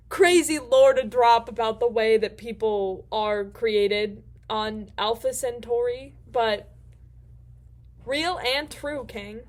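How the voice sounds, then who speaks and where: A woman hosting a casual book recap, rambling and excitable and swearing freely. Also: on the high side, slow pace. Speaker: host.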